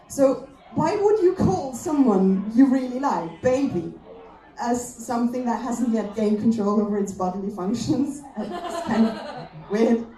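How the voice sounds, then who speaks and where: A woman's voice: on the high side, mellow. A woman doing a stand-up comedy routine in a conversational, wry manner. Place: comedy venue stage. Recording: echoey room.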